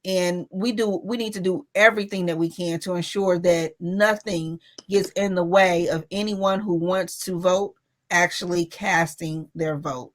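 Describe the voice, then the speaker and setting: A woman with a fairly low voice hosting an interview. She asks her questions in a measured, encouraging way. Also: steady tone. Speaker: interviewer, host.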